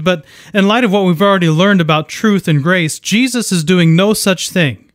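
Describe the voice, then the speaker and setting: A man giving a scripted devotional Bible teaching in a measured, earnest way, reading scripture aloud. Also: fairly high pitch, fairly bright tone, no room sound, clean studio sound.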